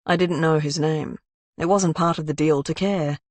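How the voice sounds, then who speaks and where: Voicing a calm and menacing male mob boss in an audiobook, a woman speaks in a cool, measured, softly threatening way. Her fairly high voice stays close to how she'd normally talk, with no room sound.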